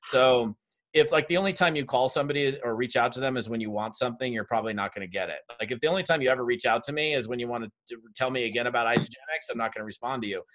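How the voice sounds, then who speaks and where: Speaking very fast at a medium pitch, a man coaches his network marketing group on a video call. He's direct and energetic, talking straight at his audience.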